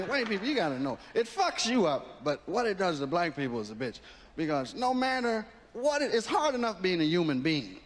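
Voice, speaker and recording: A man doing stand-up, telling long, profane stories in a drawn-out way. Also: high-pitched, fairly bright tone. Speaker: stand-up comedian. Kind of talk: stand-up storytelling. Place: comedy club stage. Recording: echoey club with noise.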